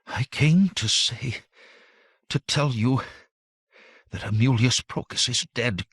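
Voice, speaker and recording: A man voicing an exhausted, frightened young woman who speaks in a halting, breathy, weary way. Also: medium pitch, fairly bright tone, no room sound, studio quality, pitched above the performer's own voice, heavily acted.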